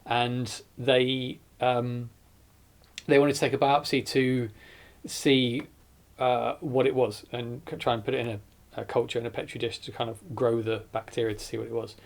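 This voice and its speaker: A man's voice: mid-range voice, level tone, normal speed, gravelly. A man, earnestly recounting his hospital ordeal in a documentary interview, often correcting himself as he goes. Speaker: survivor telling his story.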